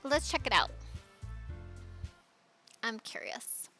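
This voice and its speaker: Casting: casual home gamer woman, bright lively voice, laughs and mutters asides. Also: fairly high pitch, takes it slowly, faint music behind. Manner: chatty, bursts of laughter, soft asides. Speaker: let's play gamer. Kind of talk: casual gameplay commentary. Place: home, at a laptop. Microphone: headphones with mic.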